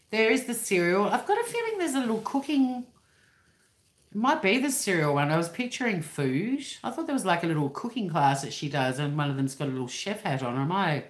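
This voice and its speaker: An Australian woman in her fifties, hosting a livestream from home in a rambling casual chat and swearing freely. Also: lowish voice. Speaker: livestream host. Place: living room at home. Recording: roomy echo.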